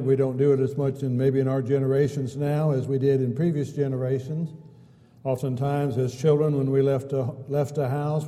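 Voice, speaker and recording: A man's voice: mid-range voice, mellow. A man preaching a sermon in church, building his points in repeated phrases with folksy asides. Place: church sanctuary. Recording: long church hall reverb.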